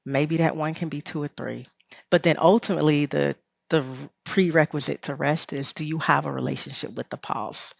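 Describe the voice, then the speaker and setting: Woman, Southern US drawl, podcast guest, guiding, low voice, dry sound. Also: fairly even intonation, moderate pace, creaky, no room sound. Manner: reflective, guiding, laughs often. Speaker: rest teacher and podcast guest. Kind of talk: podcast conversation.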